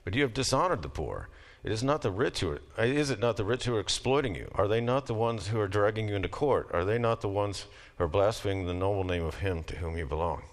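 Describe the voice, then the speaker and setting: A man's voice: fairly low pitch, lively intonation, quick pace. A middle-aged man giving a casual lecture, moving between plain talk and emphatic readings of scripture. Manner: conversational, reads passages aloud with rising emphasis.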